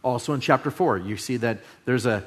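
A man preaching a sermon, moving between loud emphasis and hushed, drawn-out phrases. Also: mid-range voice. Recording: long hall reverb.

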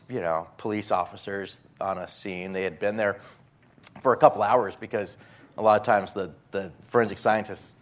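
A male pastor preaching a sermon in a conversational storytelling way, acting out the quotes. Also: lowish voice.

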